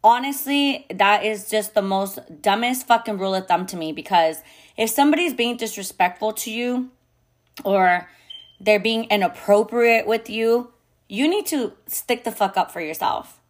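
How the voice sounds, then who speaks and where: A woman's voice: mid-range voice, lively intonation, normal speed. A woman hosting a podcast and talking candidly and bluntly, with heavy swearing, lots of fillers and Spanish phrases mixed in. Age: adult mother. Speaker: podcast host. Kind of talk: candid casual monologue.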